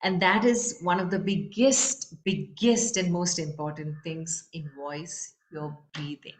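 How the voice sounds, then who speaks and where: A woman talks as a voice and leadership coach, patiently explaining breathing exercises in a lowish, steady voice. She sounds instructive and calm. The recording has a roomy echo and a faint hiss underneath. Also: slow. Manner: calm, instructive, guides the listener through breathing and chanting. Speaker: leadership and voice coach, interview guest. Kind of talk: explanatory interview advice. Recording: roomy with faint background noise.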